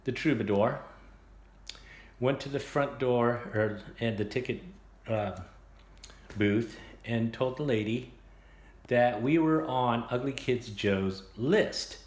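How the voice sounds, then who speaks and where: A man casually telling a story and showing off his guitars at home, rambling and animated. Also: medium pitch, takes it slowly, long pauses, echoey room. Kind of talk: casual storytelling and show-and-tell. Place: room at home, guitar workshop.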